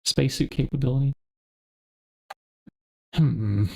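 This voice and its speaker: A man with a mid-range voice and a rough, gravelly edge talks through his gameplay on a stream. He thinks aloud in a loose, casual way, checking things and muttering half to himself. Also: medium pitch, takes it slowly, a little mellow. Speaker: streamer playing a modded game.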